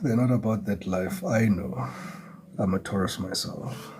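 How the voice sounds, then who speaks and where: A man's voice: lowish voice, animated, moderate pace, a little mellow, slight background noise. A man giving a chatty live tarot reading, greeting viewers and chuckling often. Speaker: tarot reader. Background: music.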